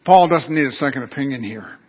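A man's voice: medium pitch, expressive, a little fast, husky. A man preaching an earnest, storytelling sermon. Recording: dull lo-fi recording.

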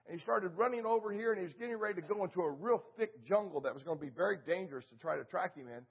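An older male pastor with a high, husky voice tells a story from the pulpit, acting it out with punchy sound effects. The recording is dull and lo-fi. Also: lively intonation, rapid-fire. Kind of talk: storytelling sermon.

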